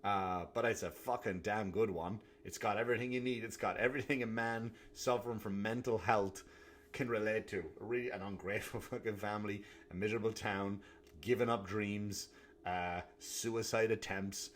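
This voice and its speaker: A man hosting a comedy podcast, ranting alone in a profane, animated way. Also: on the low side, moderate pace, a little hiss or hum. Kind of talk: solo comedic rant.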